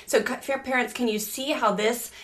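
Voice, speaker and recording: A middle-aged woman co-hosting a casual parenting podcast, telling a family story in an animated way with many restarts. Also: on the high side, normal speed. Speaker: podcast co-host, parenting coach.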